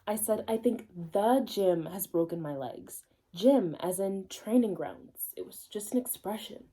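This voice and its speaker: A woman reading the lines of a tired, blunt young heroine who explains things flatly. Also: medium pitch, unhurried, husky. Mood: weary explaining.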